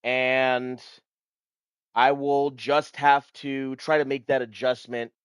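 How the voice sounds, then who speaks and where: A man streaming, talking casually to his chat about card decks in a hyped, profane, animated way. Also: mid-range voice, slow pace, smooth, dry recording. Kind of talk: casual card-game commentary.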